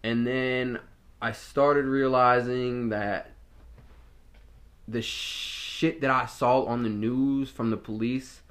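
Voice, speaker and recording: A man's voice: medium pitch, fairly even intonation, slow, fairly bright tone. A young man, a former corrections officer, telling his own story in a candid, reflective way, often restarting his sentences. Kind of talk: personal storytelling monologue.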